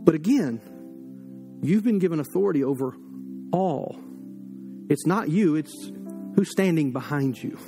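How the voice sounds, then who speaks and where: A man's voice: on the high side, animated, measured pace, long pauses, dark tone, soft background music. A man preaching a sermon as pastor, fiery and direct, talking to the congregation as if across a table.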